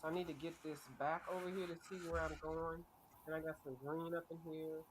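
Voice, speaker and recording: A woman's voice: sits low, level tone, brisk, background noise. A woman hosting a livestream, chatting casually and playfully while coloring, laughing often. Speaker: host.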